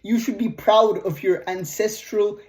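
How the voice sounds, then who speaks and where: A man's voice: sits high, fairly even intonation, a little slow, darkish tone. A man with a Canadian accent telling a personal story in a casual vlog, blunt and profane. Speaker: vlogger.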